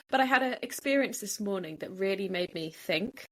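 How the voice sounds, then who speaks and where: A woman's voice: mid-range voice, brisk. A woman hosting a podcast, chatting casually and telling a story animatedly, acting out what people said. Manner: animated storyteller, acts out quotes. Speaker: podcast host. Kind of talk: casual chat.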